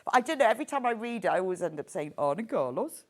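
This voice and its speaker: Talking very fast, a woman on a live shopping channel gushes enthusiastically over each item. Her voice swoops up and down with eager delight, she laughs easily, and her pitch stays lively from one phrase to the next.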